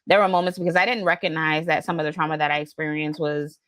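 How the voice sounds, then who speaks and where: A woman host with a fairly low voice speaks earnestly and reflectively, circling her points with fillers. The recording is dry and close. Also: flat delivery, fast talker, a bit bright, no room sound. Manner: reflective, earnest, explains at length with many fillers. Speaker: podcast host. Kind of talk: conversational interview.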